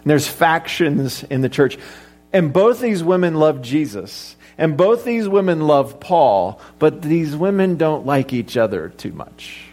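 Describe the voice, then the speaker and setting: A man's voice: a little high, big pitch swings, unhurried, darkish tone. Man preaching a conversational sermon. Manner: conversational, joking asides, rhetorical questions. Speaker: pastor.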